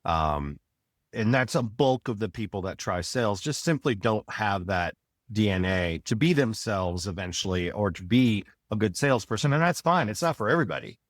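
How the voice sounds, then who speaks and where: A man's voice: on the low side, animated, normal speed, dry recording, clean studio sound. Blunt, emphatic man in his forties. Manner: blunt, emphatic, advice-giving. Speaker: podcast guest, sales veteran. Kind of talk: casual interview talk.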